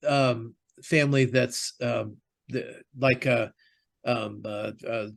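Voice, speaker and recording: Slow and gravelly, this medium-pitched man keeps a steady tone while co-hosting a podcast. He talks about TV and film casually, wandering through his thoughts with lots of filler words and restarts.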